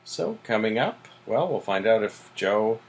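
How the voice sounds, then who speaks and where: A man's voice: lowish voice, a little slow, vocal fry, a little hiss or hum, rough recording. A man co-hosting a podcast, casually recapping TV episodes and filling in with "mm-hmm". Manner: relaxed, plot-summarizing, frequent "mm-hmm" and "so". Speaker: podcast co-host.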